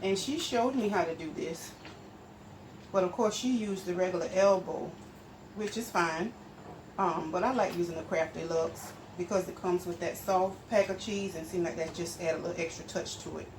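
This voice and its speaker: A woman talks her viewers through a home recipe in a relaxed, chatty way, explaining each step as she stirs and measures. Her voice sits a little low, and a steady noise runs clearly under the recording from her home kitchen. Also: moderate pace. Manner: explains steps while stirring and measuring. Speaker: home cook and channel host. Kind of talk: casual cooking demonstration.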